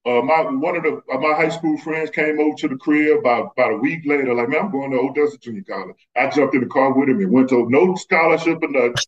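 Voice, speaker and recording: A man from Texas, a former basketball player, telling animated stories as a podcast guest and acting out the people he quotes. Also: medium pitch, fast, hardly any pauses. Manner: animated, acts out quoted voices. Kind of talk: casual storytelling. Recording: slightly muffled lo-fi audio.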